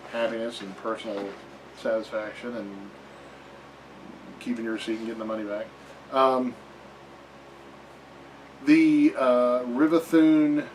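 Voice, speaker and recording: A man talks through a tabletop rulebook at an unhurried, meandering pace, filling pauses with ums and dropping dry jokes. His voice sits in a middle register. The mic is a little far away and there is a faint hum of room noise behind him. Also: mid-range voice. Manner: slow and rambling, with many fillers and wry asides. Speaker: reviewer of tabletop game books. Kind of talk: casual book review.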